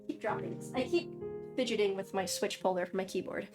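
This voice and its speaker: A woman streamer reading a story game aloud, excitable and dramatic, breaking off her narration for outbursts. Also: medium pitch, a little fast, music in the background.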